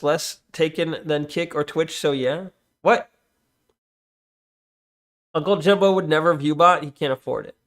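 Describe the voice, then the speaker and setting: A man's voice: a little high, measured pace, pauses often. A man streaming live in casual chat, reading comments aloud and often breaking off to say "hold on". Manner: distracted, reads chat aloud, many restarts and "hold on"s.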